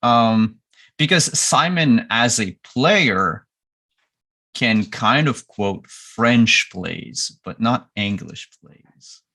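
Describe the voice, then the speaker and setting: A man of ordinary pitch talks through his plans for a tabletop game. He stammers and restarts often, then lands on a dry joke. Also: animated, drawn-out words, bright, forceful tone. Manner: hesitant, stammering, wry. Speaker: player. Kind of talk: casual chat planning a tabletop game.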